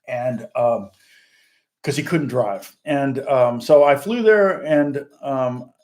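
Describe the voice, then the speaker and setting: A man's voice: mid-range voice, expressive, slow pace, darkish tone. A middle-aged man, a musician and channel host, telling a long story in casual, rambling fashion, interrupting himself and laughing often.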